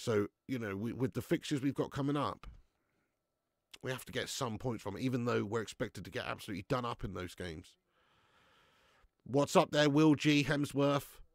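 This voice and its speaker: In a dry, clean studio recording, a young man with a mid-range voice hosts a live football watch-along. His fan commentary swings from deflated muttering to sweary rants.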